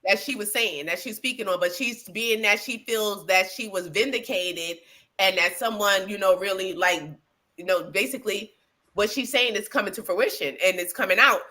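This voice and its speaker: A woman co-hosting a casual gossip show, telling stories in an animated, profane way with lots of fillers. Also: mid-range voice, moderate pace. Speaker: podcast co-host.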